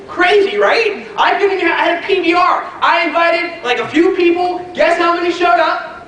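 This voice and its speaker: A high-voiced man gives a motivational business training to a live audience, telling stories with animated energy and throwing questions at the room. His voice booms around a large echoey hall and is caught from a distance. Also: moderate pace. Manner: animated storytelling, quizzing the audience. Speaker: network marketing trainer.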